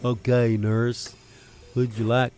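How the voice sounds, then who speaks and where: Guy doing a loud fumbly surgeon, keeps dropping stuff and saying sorry, sketch bit. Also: mid-range voice, little pitch movement, takes it slowly, clean tone, close to an everyday voice. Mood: bumbling. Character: bumbling clumsy male surgeon, doctor. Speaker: comic sketch character.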